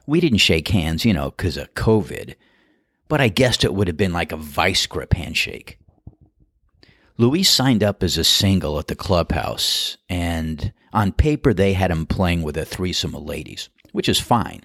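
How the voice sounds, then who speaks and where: A middle-aged man, a podcast host, telling a relaxed, chatty, amused story as a golf course starter. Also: low voice, a little slow, no echo, studio quality. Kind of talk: storytelling monologue.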